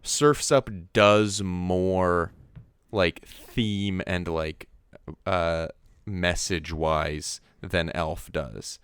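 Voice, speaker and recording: A young man with a lowish, smooth voice talks through a movie podcast. He rambles with plenty of filler words. The sound is dry and close, with no room around it. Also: fairly even intonation, very slow, fairly bright tone, no echo. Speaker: podcast co-host. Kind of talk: casual chat.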